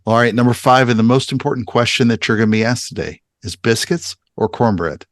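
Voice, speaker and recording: A man hosting a podcast, running through interview questions in a brisk, upbeat way. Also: mid-range voice, no room sound, clean studio sound. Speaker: podcast host. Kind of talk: interview host asking questions.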